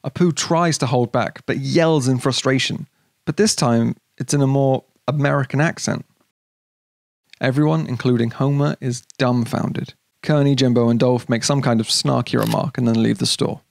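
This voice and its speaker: A man narrating a scripted video essay in a measured, explanatory way. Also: medium pitch, fairly even intonation, gravelly, dry recording, studio quality.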